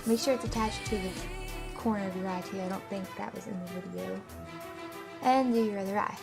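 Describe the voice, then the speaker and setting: A woman's voice: mid-range voice, a little fast. A young woman casually narrating a makeup tutorial, rambling a bit with ums and self-corrections. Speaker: makeup vlogger. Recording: music playing underneath.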